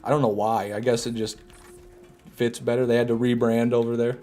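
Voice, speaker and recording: A man's voice: mid-range voice, brisk, soft background music. A man casually chatting and joking with his chat while he streams a game. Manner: relaxed, joking, repeats himself. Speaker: gaming streamer. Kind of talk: casual live commentary reading chat.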